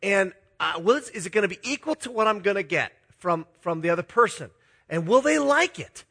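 In a sermon laced with personal stories, a middle-aged pastor from Minnesota chuckles and confesses his own shortcomings. He talks fairly quickly in a voice that sits high, with big pitch swings, a sharp tone, and a breathy edge.

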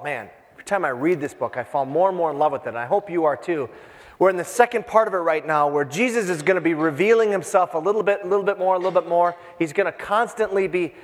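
A man's voice: sits high, in a large hall. A middle-aged man from Minnesota giving an informal sermon as a pastor, rambling and self-deprecating with many fillers. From Minnesota, USA.

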